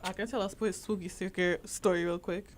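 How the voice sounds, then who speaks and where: A woman's voice: on the low side, fairly even intonation, a little fast, slight background noise. A woman co-hosting a radio show, telling a comic story with vivid, dramatic delivery.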